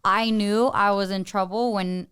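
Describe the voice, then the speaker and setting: A young woman co-hosting a podcast, telling animated stories about growing up and acting out her parents' lines. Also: mid-range voice, measured pace, clear, resonant tone, dry recording, studio quality. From Mexican-American family. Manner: animated storyteller, acts out parents' lines, lots of "like". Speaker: podcast co-host. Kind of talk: casual chat.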